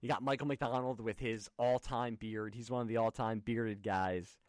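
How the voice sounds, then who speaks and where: A man's voice: medium pitch, steady tone, moderate pace, dry recording, studio quality. A man hosting a podcast, recapping an old episode in a casual, chatty way with frequent restarts. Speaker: podcast host. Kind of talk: casual chat.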